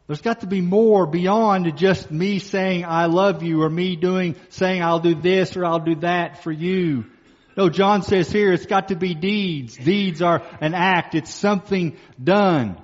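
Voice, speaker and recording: Man preaching in a reverberant hall. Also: sits high. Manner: emphatic, slows for key phrases, repeats lines for stress. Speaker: pastor. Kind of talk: sermon. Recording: muffled sound with long reverb in a hall.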